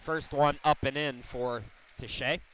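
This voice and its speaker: A man calling a college women's basketball game play by play, explaining the situation in a measured way between plays. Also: mid-range voice, steady tone, a bit bright. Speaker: play-by-play announcer. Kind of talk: sports commentary. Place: college gym broadcast.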